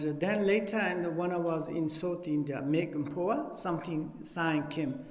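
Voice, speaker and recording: A man's voice: a little high, a little mellow. Man teaching in an echoey hall. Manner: halting non-native English, searching for words. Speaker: Buddhist teacher. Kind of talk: dharma teaching talk.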